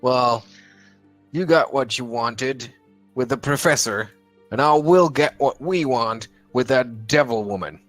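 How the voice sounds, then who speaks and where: A man's voice: mid-range voice, lively intonation, slow pace, fairly bright tone, dry recording, faint music behind, pitched above the performer's own voice. A man voicing an angry male mob leader in a tabletop game, sneering and aggressive. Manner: aggressive, sneering, riling up crowd.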